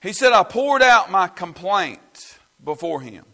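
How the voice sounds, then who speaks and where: A pastor preaching a fervent sermon, swinging from loud pleading to quiet, halting talk with many restarts. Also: male voice, on the high side, animated, gravelly. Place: church.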